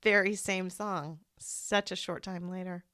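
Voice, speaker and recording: Woman podcast host, middle-aged, bright clear tone, dry close sound, chatty. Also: on the low side, fairly even intonation, a little slow, no echo. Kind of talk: casual interview podcast.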